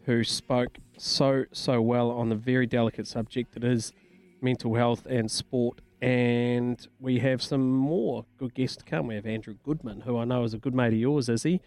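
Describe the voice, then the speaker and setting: Smooth-voiced New Zealand radio co-host. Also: male voice, medium pitch, normal speed. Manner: animated, opinionated, blokey. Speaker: radio co-host, former rugby referee. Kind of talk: casual sports radio chat. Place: radio studio. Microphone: studio mic.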